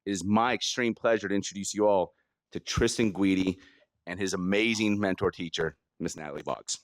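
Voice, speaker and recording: A man's voice: low voice, fairly quick, no room sound. A man giving a heartfelt, prepared award speech about a student from a podium. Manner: heartfelt, earnest, reading from notes. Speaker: school staff presenting a student award. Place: event podium.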